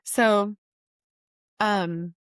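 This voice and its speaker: A woman's voice: medium pitch, steady tone, extremely slow, clean tone, dry recording, clean studio sound. A woman hosting a podcast, talking earnestly through a reflective spiritual monologue, repeating phrases for emphasis with light laughs. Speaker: podcast host.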